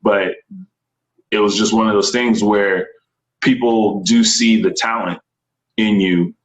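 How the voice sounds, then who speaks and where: A young man from Texas telling stories in a casual interview, animated and enthusiastic, acting out what other people said. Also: on the low side, takes it slowly, echoey room, low-quality recording. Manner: animated, enthusiastic, frequent laughs and quoted voices. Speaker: stunt performer, interview guest.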